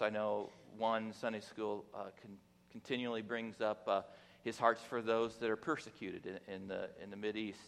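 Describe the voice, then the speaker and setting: A man's voice: lowish voice, creaky. A man giving a casual, joking sermon from the pulpit, talking in a conversational way with frequent restarts and fillers. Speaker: guest preacher. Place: church sanctuary. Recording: long reverb of a church hall.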